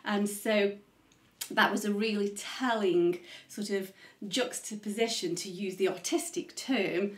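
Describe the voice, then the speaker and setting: A woman teaches music in a relaxed vlog, chatty and eager, often wandering off on tangents. Her voice sits at an ordinary middle pitch. The room gives it a noticeable echo. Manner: chatty and enthusiastic, easily sidetracked. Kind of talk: casual educational vlog. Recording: echoey room.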